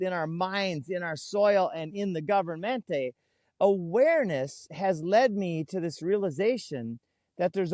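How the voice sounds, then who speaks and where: A man speaking as an interview guest, telling stories earnestly and slowing right down to stress his key words, recorded outdoors. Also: sits high, a little mellow, no room sound, clean studio sound. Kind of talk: conversational interview. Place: outdoors in a food forest.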